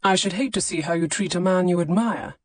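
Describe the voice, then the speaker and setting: A woman voicing a teasing aristocratic gentleman in an audiobook, delivering his lines with dry, wry understatement. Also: on the low side, fairly quick, dry recording, natural voice. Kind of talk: audiobook character dialogue.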